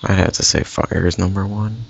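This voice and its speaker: A very deep-voiced man co-hosting a podcast, easygoing and quick to joke. His voice has a gravelly fry to it. The recording is dull and lo-fi. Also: steady tone. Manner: laid-back, jokey, laughs often. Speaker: podcast co-host. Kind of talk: casual chat. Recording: dull lo-fi sound.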